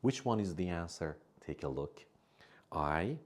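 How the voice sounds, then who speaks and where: A man's voice: sits low, lively intonation, unhurried. A man teaching an English lesson, patiently explaining each point by repeating and rephrasing it.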